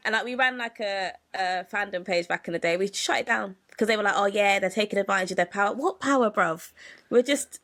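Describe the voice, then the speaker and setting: A young woman, co-hosting a podcast and telling a story in a casual, animated way, acting out the people in it. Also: mid-range voice, fairly quick. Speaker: podcast co-host.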